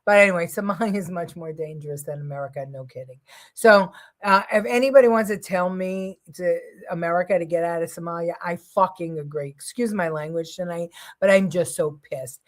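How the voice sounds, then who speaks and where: A woman's voice: lowish voice, moderate pace. A woman hosting a live news talk show, giving blunt, heated opinion commentary with frequent ums and uhs.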